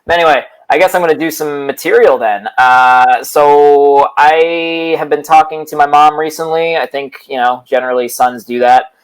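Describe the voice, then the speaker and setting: A man's voice: fairly high pitch, fairly even intonation, moderate pace, few pauses, clear, resonant tone, poor audio. A man doing a rambling stand-up bit on a comedy show, full of fillers and asides. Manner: rambling, filler-heavy storytelling.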